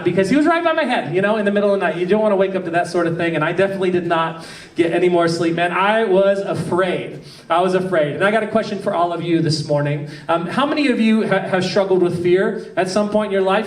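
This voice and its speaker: A man preaching a conversational sermon as a pastor, telling stories in a chatty way with many restarts. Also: high-pitched. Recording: echoey room, distant mic.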